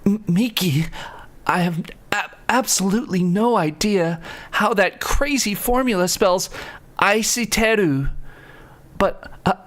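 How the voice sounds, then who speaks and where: A man reading a love note aloud in a raised, theatrical put-on voice as a lovesick young writer. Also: takes it slowly. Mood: giddy. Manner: high, excited, theatrical reading.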